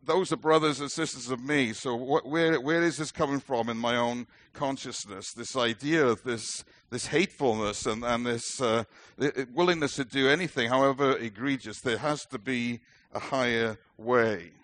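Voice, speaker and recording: Earnest British minister preaching. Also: male voice, medium pitch, moderate pace, fairly bright tone. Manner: earnest, emphatic, with light self-deprecating humor. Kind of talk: sermon.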